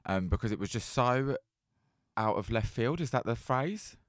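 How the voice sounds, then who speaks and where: A young man from Britain co-hosting a casual chat, talking loosely with lots of fillers and quick laughs. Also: medium pitch, animated, no echo, studio quality. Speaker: podcast co-host.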